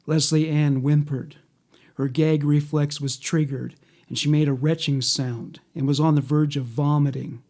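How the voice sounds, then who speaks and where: Male narrator, slightly high voice, unhurried and measured, plain documentary read. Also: fairly even intonation, darkish tone. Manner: measured, matter-of-fact reading.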